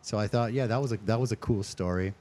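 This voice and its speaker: Deep-voiced chatty male storyteller. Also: quick pace, a little mellow. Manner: chatty storyteller who acts out quoted speech; rambling, with many restarts and fillers. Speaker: restaurant owner and podcast guest. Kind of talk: casual interview chat.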